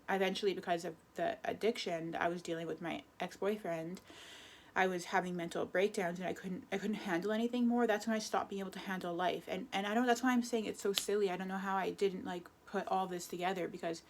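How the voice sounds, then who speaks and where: Woman in her 20s venting on her vlog, rambly, keeps restarting sentences, emotional. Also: lowish voice. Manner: rambling, self-correcting, emotional. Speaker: vlogger. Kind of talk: personal confessional vlog.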